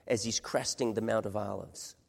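A man preaching a sermon, telling a Bible story dramatically, dropping to a hush and rising to near shouts, acting out the voices in it. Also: lowish voice, fairly even intonation, normal speed, gravelly, in a large hall. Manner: dramatic, swings from hushed to loud, acts out quoted voices. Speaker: pastor.

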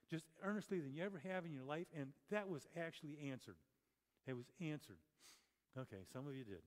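Guy preaching casually, lots of rhetorical questions and restarts, big echoey church hall. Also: on the high side. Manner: chatty, with rhetorical questions and self-corrections. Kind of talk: conversational sermon. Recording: long reverb of a large hall.

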